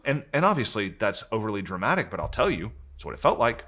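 Earnest and candid, this company leader and podcast host spins out a long story over a video call in a lowish, sing-song, slightly bright voice. He keeps restarting his sentences, and his speed shifts between faster and slower.

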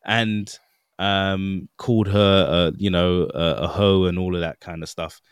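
A man's voice: low voice, fairly even intonation, unhurried, clear, resonant tone, no room sound, studio quality. A man, co-hosting a podcast and telling a story in casual chat with lots of fillers. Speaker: podcast co-host.

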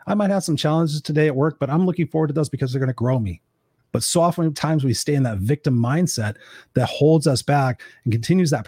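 A man hosting a casual coaching conversation, animated and swearing freely as he acts out quoted voices. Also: medium pitch, breathy edge, no room sound, studio quality. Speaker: podcast host.

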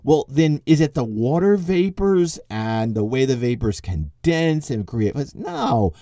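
A middle-aged man giving a lively spoken lecture as a podcast host, wry and conversational with quick asides. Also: medium pitch, dry recording, studio quality. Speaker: podcast host and literature teacher.

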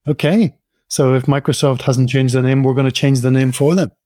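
A man's voice: mid-range voice, fairly even intonation, a little fast, dark tone, no echo, studio quality. A man hosting a podcast, reading an upbeat intro and then chatting in a friendly, jokey way with his guest. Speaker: podcast host. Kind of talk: podcast intro and interview chat.

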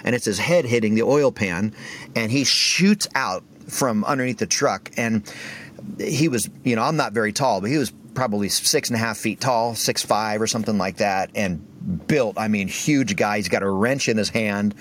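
A man sharing a faith story as a podcast guest, animated and acting out the voices of the people in it. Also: on the low side, moderate pace, a little hiss or hum. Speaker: guest speaker.

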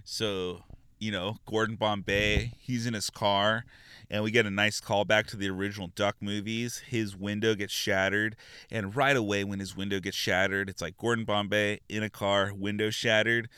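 Smooth-voiced man rambling casually. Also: lowish voice, little pitch movement, normal speed, sharp tone, no room sound, clean studio sound. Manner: rambling, filler-heavy, informal. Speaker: podcast host. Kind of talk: casual recap and review.

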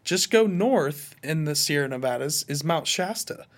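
A man co-hosting a casual chat who jumps in with eager theories and quick reactions. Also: on the high side, expressive. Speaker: podcast co-host.

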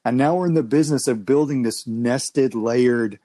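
A podcast host in a reflective conversation, explaining ideas in a calm, measured way with slow emphasis. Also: mid-range voice, no room sound.

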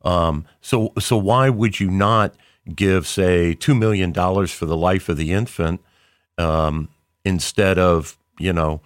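A man with a very deep voice lays out his point step by step, pausing and repeating himself in a measured way. The recording is close and dry, with no room sound. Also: no room sound. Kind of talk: casual conversational talk.

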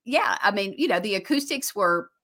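A woman with a Southern US accent co-hosting a podcast over a video call, animated and teasing, laughing often. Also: mid-range voice, normal speed. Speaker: podcast co-host. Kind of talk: casual chat.

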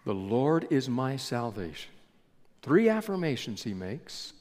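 A man preaching a sermon in a church, slow and deliberate with dramatic pauses. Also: medium pitch, very animated, darkish tone. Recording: long reverb of a large hall.

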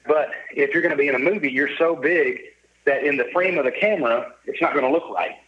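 A man's voice: a little high, a little fast, highs cut off, a little hiss or hum. A middle-aged man, telling his life story as a guest in a casual interview. He is upbeat and jovial and acts out the lines of the people he quotes. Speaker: podcast guest.

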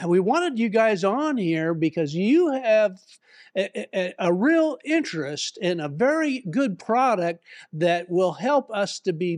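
A man's voice: high voice, a little mellow, no room sound, studio quality. A man hosting a live talk show, under the weather and coughing, joking and rambling with fillers. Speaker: host.

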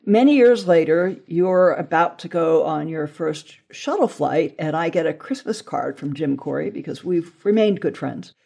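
An older woman interviewing a guest, relaxed and chuckling, reminiscing with small asides. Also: low voice, normal speed, creaky, hardly any pauses. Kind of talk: conversational interview.

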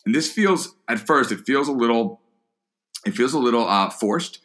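A man's voice: mid-range voice, expressive, moderate pace, a bit bright. A man being interviewed about leadership and listening, talking earnestly and often repeating words as he starts a phrase. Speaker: guest, entrepreneur and author. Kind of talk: podcast interview answer.

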